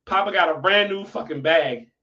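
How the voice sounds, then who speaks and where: Guy w/ a high voice hosting a stream, swears a lot, aave, sounds far from a muffled mic. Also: moderate pace. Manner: profane, animated, talks to viewers. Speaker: livestream host. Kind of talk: casual livestream commentary. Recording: dull lo-fi audio from off-mic.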